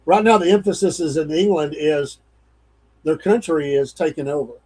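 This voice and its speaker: A man's voice: a little high, moderate pace, a little mellow, breathy edge, low-quality recording. A man co-hosting a morning radio show, blunt and opinionated in easygoing banter. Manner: plain-spoken, opinionated, easygoing.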